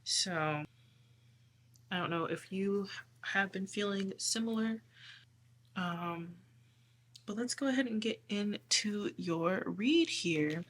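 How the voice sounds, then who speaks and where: A woman with a hoarse voice giving a casual spiritual tarot reading, chatty and often asking "okay?". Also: medium pitch, slow pace, pauses often. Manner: chatty, tags lines with "okay?". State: hoarse from losing her voice. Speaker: tarot reader.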